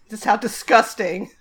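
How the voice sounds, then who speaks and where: A woman's voice: mid-range voice, fairly bright tone, slight background noise. A woman co-hosting a podcast, making wry, teasing quips in casual comedic chat. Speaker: podcast co-host.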